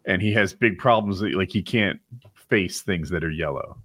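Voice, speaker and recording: A man in casual chat, earnestly explaining things and quick to laugh. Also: low voice, fairly bright tone, no room sound.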